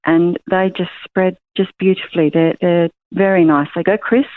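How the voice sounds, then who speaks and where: A woman's voice: on the low side, steady tone, normal speed. A friendly woman in her fifties calling in to a radio show, chatting about home baking over a tinny phone line. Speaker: caller. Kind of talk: phone-in chat.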